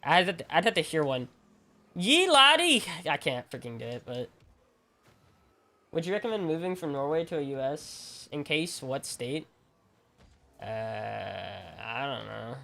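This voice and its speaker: A man's voice: mid-range voice, unhurried, creaky, fairly bright tone. A man from Alabama who streams games, chatting casually with viewers in a rambling way, full of "like" and restarts. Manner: rambling, heavy use of "like", frequent restarts. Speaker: game streamer. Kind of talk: casual chat with viewers while gaming.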